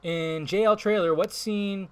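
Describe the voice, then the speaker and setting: A man hosting a casual solo podcast, talking bluntly and excitably, swearing freely and swinging between loud outbursts and mumbled asides. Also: sits high, a little slow, clean tone. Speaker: podcast host.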